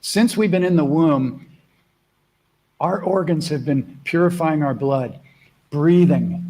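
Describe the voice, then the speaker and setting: An earnest man leads a live coaching call, his voice sitting a little higher than most men's. He slows down and draws words out when he wants them to land. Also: poor audio. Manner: drops to a soft hush when speaking affirmations. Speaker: host and spiritual mentor.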